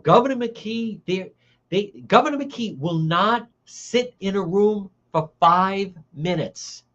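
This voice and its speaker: A man's voice: sits high, dull audio. A man hosting a livestreamed political commentary show, talking in a heated, indignant way and repeating his points. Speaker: talk show host.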